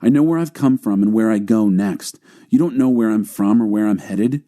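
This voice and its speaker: A man reading a calm, grave male teacher. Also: fairly low pitch, normal speed, close to an everyday voice. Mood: solemn.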